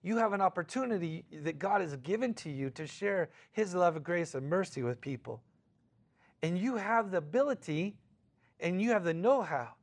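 Speaking at a normal speed in a high voice, this man preaches as a pastor in a chatty, lively style. Between plenty of filler words, he performs the quoted voices of the characters in his message.

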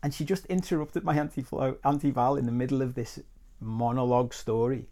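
A man's voice: medium pitch, fairly even intonation, fairly quick, dark tone. A man hosting his own coaching podcast and telling a story from childhood. His talk is conversational and reflective, with the odd crude aside. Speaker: life coach and podcast host.

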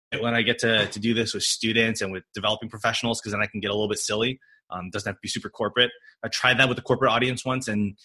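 A man's voice: medium pitch, slightly rough. A man in his thirties, a physical therapist speaking English as a non-native language, chatting casually on a podcast with lots of fillers, restarts and laughter. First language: not English. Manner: animated, many fillers and restarts, quick to laugh.

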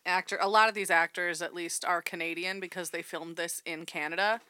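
Smooth bright woman sharing film trivia. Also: lowish voice, fairly even intonation, brisk, no echo, clean studio sound. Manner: chatty, adds film trivia, laughs often. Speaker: podcast co-host. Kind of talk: casual chat.

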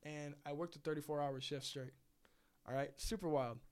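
A man's voice: fairly high pitch, fairly even intonation, normal speed, smooth. A young man telling rambling, swear-filled stories in a casual chat, laughing through them. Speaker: podcast host.

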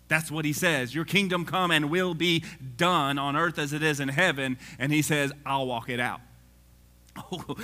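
A man's voice: medium pitch, sharp tone. A man preaching a casual sermon, reading scripture aloud and joking with the congregation.

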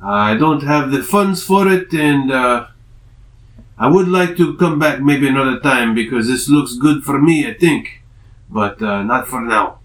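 A man's voice: medium pitch, expressive, a bit bright, echoey room. A man playing his character in a tabletop game, talking hesitantly with fillers. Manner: halting, hesitant in-character talk. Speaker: player. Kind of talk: in-character tabletop role-play.

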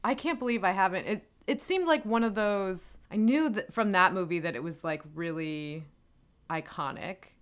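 A woman's voice: medium pitch, normal speed, clean tone. A woman co-hosting a podcast, chatting casually and enthusiastically about old films, with lots of "like" fillers. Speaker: podcast co-host. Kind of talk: casual film discussion.

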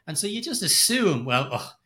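A man's voice: fairly high pitch, big pitch swings, normal speed, bright, forceful tone. A man co-hosting a podcast, chatting casually and enthusiastically about a film, rambling with frequent restarts. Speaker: podcast co-host.

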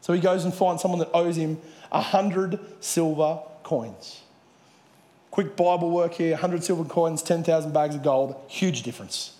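Man, pastor, sermon, earnest, higher voice, echoey church hall. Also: steady tone, normal speed, dark tone. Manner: earnest preaching with Bible readings.

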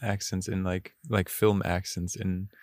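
Low-voiced English man, dry close sound. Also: flat delivery, a little slow, a little mellow, dry recording. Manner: hesitant, filler-heavy. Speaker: podcast co-host. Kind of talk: casual film-discussion podcast chat.

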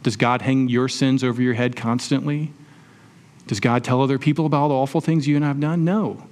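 A male pastor delivering a sermon in a relaxed, conversational way. He asks the congregation questions and uses homely examples, with his voice sitting at an ordinary middle pitch. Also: fairly quick. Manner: conversational preaching with rhetorical questions and everyday examples.

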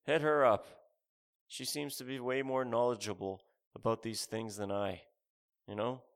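A man's voice: medium pitch, level tone, moderate pace. A man in his thirties delivering a rambling, sarcastic, profane comedic rant as a podcast host.

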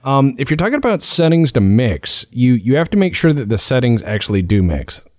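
A man hosting a podcast in casual chat, talking in an animated way and jumping between ideas. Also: mid-range voice, fairly quick, dry recording, studio quality. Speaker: podcast host.

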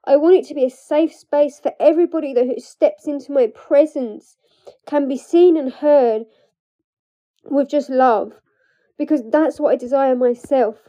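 A young adult woman, a coach, speaking candidly and emotionally in a personal vlog, halting at times and breaking into nervous laughs. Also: high-pitched, dark tone. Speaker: trauma coach. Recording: dull lo-fi recording.

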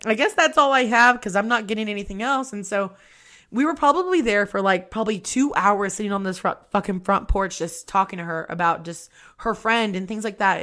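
A woman's voice: mid-range voice, fairly bright tone. A young woman hosting a podcast, telling a personal story in a candid, casual chat, swearing freely and laughing often. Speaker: podcast host.

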